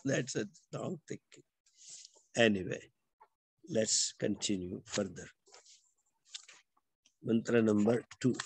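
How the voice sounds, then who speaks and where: An older man with an Indian English accent teaching scripture, explaining texts and slowly chanting Sanskrit verses line by line. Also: fairly low pitch, creaky, a little mellow, a little hiss or hum.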